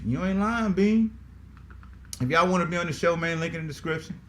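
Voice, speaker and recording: A man hosting a sports podcast in casual talk, exasperated and animated, firing off repeated rhetorical questions. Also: on the high side, fairly quick, slight background noise. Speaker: podcast host.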